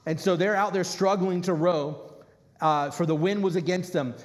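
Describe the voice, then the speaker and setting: A man preaches to his congregation in a relaxed, chatty way, breaking into lively bursts. His voice sits fairly high for a man. Long reverb from the hall trails behind every phrase. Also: moderate pace. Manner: casual, conversational preaching with animated bursts. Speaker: rabbi. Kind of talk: sermon.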